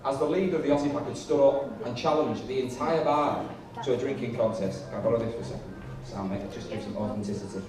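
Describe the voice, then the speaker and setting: A man's voice: medium pitch, quick pace, recorded from a distance, crowd noise. A young man doing a stand-up set, chatty and self-mocking, swearing freely, with an audience laughing. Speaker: stand-up comedian. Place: comedy club with a live audience. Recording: echoey room, mic from afar.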